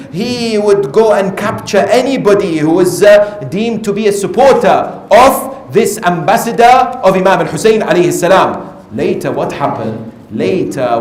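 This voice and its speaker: A man's voice: fairly high pitch, a little hiss or hum. A man preaching, telling a story with emphasis and acting out the people he quotes. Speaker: sheikh preaching. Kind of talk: sermon. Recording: echoey hall.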